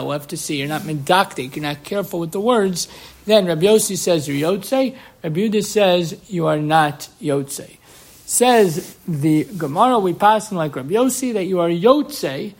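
A man leads a Torah class, voice jumping up and down as he poses a question and then answers it. He slurs his L sounds a little, and the pace is quick and lively. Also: high-pitched. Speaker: Torah teacher. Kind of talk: explaining Jewish law in a class.

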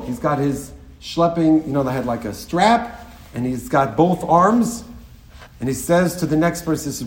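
A man telling a Hasidic story as a sermon, animated and swelling to emphatic bursts. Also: medium pitch, normal speed. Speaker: religious storyteller. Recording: roomy with faint ambience.

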